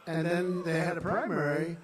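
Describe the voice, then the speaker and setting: A man's voice: on the high side, steady tone, moderate pace. An older man giving a rambling rally speech, boastful and repetitive, with off-the-cuff asides. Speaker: political speaker at a rally. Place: large venue, victory rally. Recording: roomy sound, distant mic, loud crowd. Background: cheering crowd.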